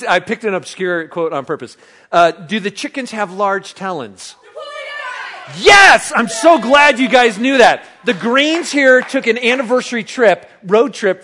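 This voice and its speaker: A man preaching a sermon, bantering playfully with the congregation, then turning soft and reflective. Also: sits high, a little hiss or hum. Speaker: pastor.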